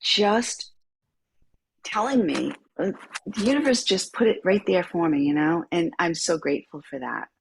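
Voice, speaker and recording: A woman on an online group call, chatting and telling a personal story in a lively way, laughing often and acting out what others said. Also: fairly low pitch, moderate pace, creaky, a little hiss or hum. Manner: chatty, laughs often, acts out quoted voices. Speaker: call member sharing. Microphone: computer mic on an online group call.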